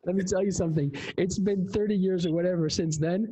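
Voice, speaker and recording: A man hosting a talk show who makes slow, emphatic announcements and talks informally, with the odd swear word. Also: high-pitched, fairly even intonation, warm tone, husky. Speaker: host.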